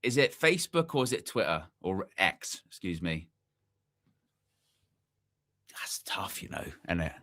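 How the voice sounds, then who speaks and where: A young man talks loosely on a football live stream, drifting between asides and repeating himself as he thinks aloud. His voice sits fairly low but comes across bright and forceful, close on a dry mic with no room around it. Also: very animated, normal speed, no room sound. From England. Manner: rambling, repeats himself, chatty asides to the chat. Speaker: football channel host. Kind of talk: casual live-stream chat.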